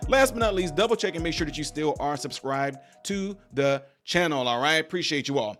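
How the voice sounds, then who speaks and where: Man, channel host, high voice, casual political commentary, animated, digressive. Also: brisk, soft background music.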